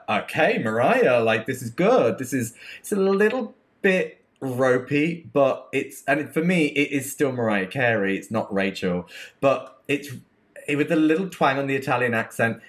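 A man co-hosting a podcast, reviewing a film in casual, rambling chat with many restarts. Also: lowish voice. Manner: chatty, rambling with restarts and laughs. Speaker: podcast co-host.

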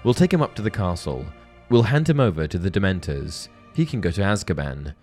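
A man's voice: low voice, lively intonation, fairly quick, a little mellow. A man reading the lines of an earnest, merciful teenage boy wizard from a storybook, firm and pleading. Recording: faint background music.

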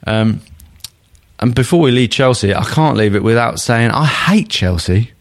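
A man's voice: mid-range voice, animated, moderate pace, slight background noise. A man co-hosting a casual football podcast, blunt and jokey, swearing freely. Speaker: podcast co-host.

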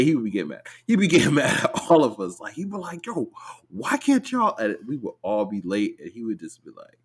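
A man co-hosting a podcast in casual chat, reacting quickly and cutting in. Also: fairly low pitch, husky. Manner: animated, quick to react and interrupt. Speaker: podcast co-host.

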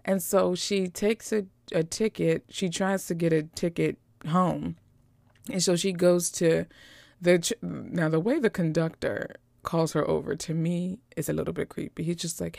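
A woman host giving casual, animated commentary on holiday movies, joking and slangy. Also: fairly low pitch, normal speed, creaky, no echo.

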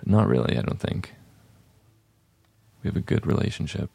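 A young man answers in short, understated replies. His voice is extremely deep and full of fry. It is recorded dry and close. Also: moderate pace, dry recording. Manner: terse, flat, understated answers. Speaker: guest. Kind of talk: casual interview chat.

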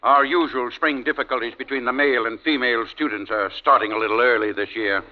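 A man's voice: mid-range voice, fairly even intonation, fast talker, close to an everyday voice. An actor playing a pompous professor father. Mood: stern. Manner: stiff, formal, lecturing. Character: stern, pompous middle-aged professor father. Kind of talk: 1940s radio acting. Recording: dull, noisy old radio transcription.

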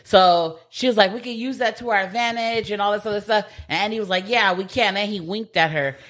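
A woman's voice: mid-range voice, brisk. A woman chatting casually, retelling a movie plot and acting out the characters' lines with frequent laughter. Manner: animated, laughs often, acts out quotes.

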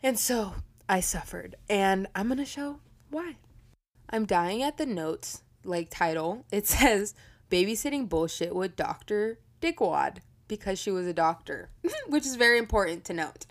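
A woman's voice: medium pitch, animated, moderate pace. A young woman hosting a casual storytelling podcast, chatty and profane, laughing often as she talks. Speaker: podcast host.

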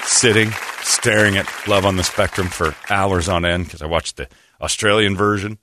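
A man's voice: low-pitched, moderate pace, a crowd in the background, noisy background. A man hosting a comedic podcast chat, rambling and sarcastic. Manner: rambling, sarcastic, animated, slips into mock voices.

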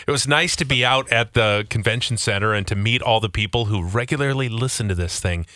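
A man's voice: lowish voice, a little fast, sharp tone, no room sound. A man co-hosting a podcast in a studio, chatting and teasing his co-hosts. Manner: playful, teasing. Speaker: podcast co-host. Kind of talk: casual chat.

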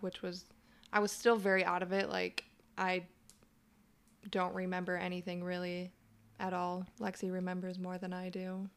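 Young woman, twenties, interview guest, even, flat delivery, clear voice. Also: lowish voice. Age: 20s. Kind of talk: personal account in an interview.

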